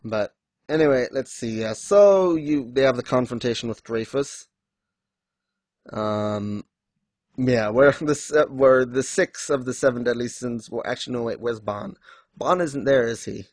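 A man in casual chat, recapping story scenes and acting out characters' lines in quick little voices, laughing often. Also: mid-range voice, darkish tone, dry recording. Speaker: podcast co-host discussing a manga.

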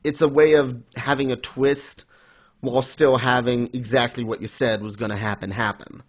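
A man talks through a story in loose, casual chat. His pitch sits right in the middle, and he wanders with fillers and restarts as he goes. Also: little pitch movement, normal speed. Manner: rambling, filler-heavy storytelling with many restarts. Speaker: podcast host recapping an anime.

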